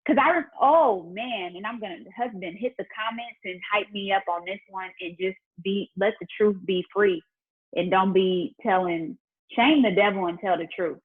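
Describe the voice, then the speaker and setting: Over thin, tinny, phone-like audio, a business mentor and entrepreneur talks at a moderate pace in a husky, breathy voice of medium pitch. Chatty and faith-driven, she answers questions warmly in a casual livestream, speaking directly to her followers.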